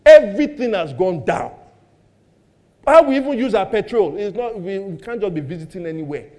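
A middle-aged Nigerian pastor preaching with a high, bright male voice. He talks in an animated way, fires questions at the congregation and jokes about his own home life. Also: normal speed. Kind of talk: sermon.

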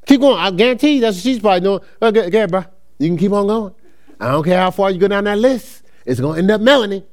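A man preaching a sermon as pastor, conversational and animated, acting out little dialogues and laughing often. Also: sits high, fast talker.

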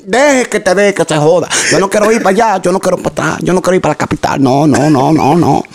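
A man's voice: high voice, voice pushed up. A man voicing a strict immigrant mother who scolds in Spanish with a Dominican accent, in a comedic impression during casual chat. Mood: scolding. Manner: scolding, rapid, insistent.

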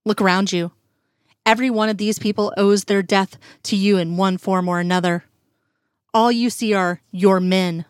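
A woman's voice: mid-range voice, steady tone, normal speed, clean tone, dry recording, studio quality, lightly acted. Bitter dead male agent, accusing and harsh; woman reader in her own voice.

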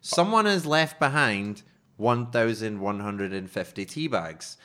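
A man co-hosting a comedic podcast, reading out headlines with animated, restart-filled chat. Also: fairly low pitch, unhurried. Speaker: podcast co-host presenting news stories.

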